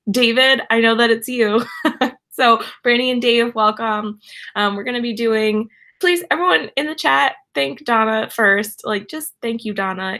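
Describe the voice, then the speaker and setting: A young woman hosting a casual live stream from home, gushing with thanks as she reads out viewer messages. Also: fairly high pitch. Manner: gushing and effusive, many thanks and soft laughs.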